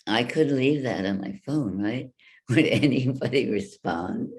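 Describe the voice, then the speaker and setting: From home, a woman voice coach leads a virtual workshop, speaking deliberately as she walks listeners through exercises and demonstrates them. Her voice is bass and darkish in tone.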